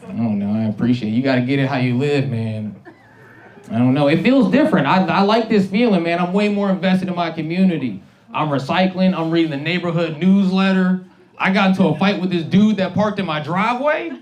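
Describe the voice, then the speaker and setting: Guy in his 30s doing stand-up, kinda high voice, animated, jumps into silly voices. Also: a little fast. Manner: animated, swings into put-on voices. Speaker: stand-up comedian. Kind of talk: stand-up comedy set. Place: comedy club stage with audience.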